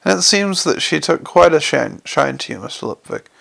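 A man doing a withered old zombie lawyer for a storybook reading: low, very gravelly and half-whispered. He speaks slowly and formally, every word precise and pedantic. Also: sing-song, a bit bright, exaggerated voice. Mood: dry.

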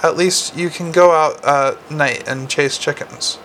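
A man's voice: fairly high pitch, steady tone, measured pace, a bit bright, a little hiss or hum. A man voicing a prying, coaxing young vampire policewoman in an audiobook. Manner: probing, coaxing.

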